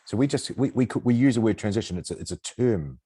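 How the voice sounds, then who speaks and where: Man, podcast host, very deep husky voice, mellow tone, reflective and halting. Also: expressive. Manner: reflective, halting, searching for words. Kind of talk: casual interview conversation.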